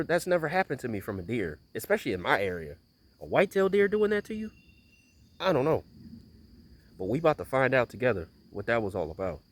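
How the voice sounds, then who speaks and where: A man telling a story in a casual vlog from a small bridge outdoors, rambling and emphatic, repeating himself often. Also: medium pitch. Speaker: vlogger.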